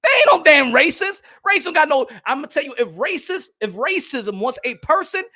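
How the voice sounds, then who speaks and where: A man's voice: very high-pitched, expressive, fairly quick, bright, forceful tone. A man, hosting a boxing show and ranting in a profane, slangy way that keeps repeating itself. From New York. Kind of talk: heated livestream rant.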